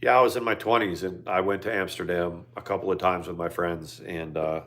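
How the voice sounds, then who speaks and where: A man's voice: sits low, fairly even intonation, brisk, a bit bright. A man in his fifties chatting casually on a livestream, rambling with many fillers and restarts. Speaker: livestream co-host. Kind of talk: casual chat.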